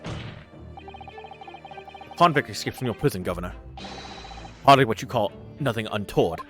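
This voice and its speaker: A man's voice: on the low side, lively intonation, measured pace, fairly bright tone, faint music behind. A man voicing a cold, threatening young male prosecutor with a cool, cutting delivery. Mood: menacing.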